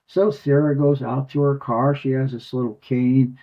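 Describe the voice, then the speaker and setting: An older man, a former tax agent being interviewed, telling a rambling, animated story and cursing freely over a video call. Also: medium pitch, normal speed, hardly any pauses. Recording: muffled lo-fi audio.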